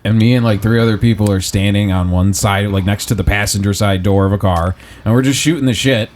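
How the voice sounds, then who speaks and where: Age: adult. Sex: man. Role: podcast co-host. Style: casual chat, profane, laughing storyteller. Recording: steady background noise. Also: on the low side, brisk. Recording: noisy background hiss.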